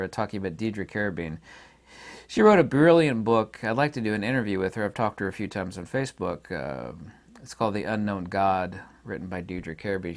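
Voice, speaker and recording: A man giving an unscripted philosophy lecture, emphatic and argumentative, who repeats points for stress. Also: low-pitched. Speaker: channel host.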